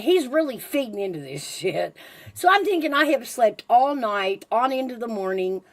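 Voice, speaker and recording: A woman's voice: a little high, normal speed. A woman co-hosting a casual podcast chat, telling a story with lots of laughter. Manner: laughs often, animated storytelling. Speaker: podcast co-host.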